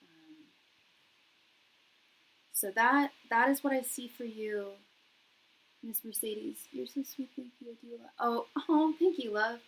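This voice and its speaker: A woman's voice: fairly high pitch, a little slow, vocal fry, pauses often, husky, poor audio. A young woman reading tarot on a live stream, chatting casually with lots of fillers, laughs and repeated words. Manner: reads viewers' chat messages aloud. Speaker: tarot reader and psychic.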